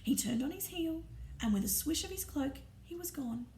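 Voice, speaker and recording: Woman reading a storybook aloud, hushed. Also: high-pitched, moderate pace. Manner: expressive, hushed narration. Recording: roomy echo, distant mic, faint ambience.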